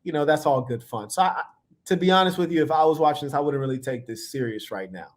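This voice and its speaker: A man's voice: a little high, quick pace. A man casually reacting to video clips, telling stories in a playful, slangy way. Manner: playful, animated storytelling with slang.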